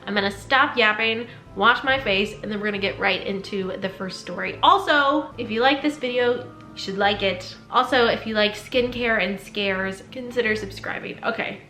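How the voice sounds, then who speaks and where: A woman's voice: mid-range voice, normal speed, sharp tone. A young woman chatting in a bubbly, giggly way at home while doing her skincare and reading scary stories aloud. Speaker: skincare and scary-story vlogger. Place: home room. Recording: roomy echo with faint background music.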